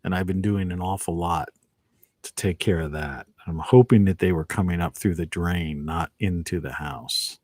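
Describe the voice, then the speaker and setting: A man with a lowish voice talks through a casual live-stream monologue at home. He rambles and reflects, circling back and trailing off. The sound is dry and close, with no room echo. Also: moderate pace, darkish tone. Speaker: live video host.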